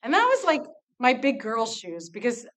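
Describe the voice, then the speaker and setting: A woman with a slightly high voice tells students a story in a casual talk. She is candid and lively, and acts out the back-and-forth dialogue as she goes. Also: moderate pace. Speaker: nonprofit CEO speaking to students.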